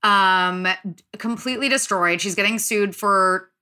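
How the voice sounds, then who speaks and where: A young woman hosts a podcast in a loose, gossipy chat. Her voice is bright and clear, and she talks at an easy middle pitch, full of fillers. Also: unhurried. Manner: chatty gossiping, lots of fillers. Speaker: podcast host. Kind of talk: casual chat.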